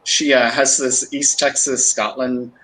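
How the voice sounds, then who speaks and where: A man's voice: medium pitch, flat delivery, measured pace, pushed and bright, low-quality recording. A middle-aged man chatting casually on a livestream, rambling through stories with many fillers and restarts.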